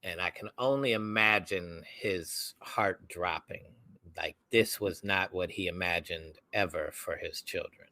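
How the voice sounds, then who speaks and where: Lowish, very bright-toned male co-host. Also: unhurried. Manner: animated, acts out quoted voices. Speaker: podcast co-host. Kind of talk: casual storytelling.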